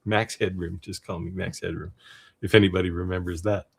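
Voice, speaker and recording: A man co-hosting a livestream in casual chat, animated and quick to laugh, explaining things at length. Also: low voice, gravelly, slightly rough. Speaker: livestream co-host.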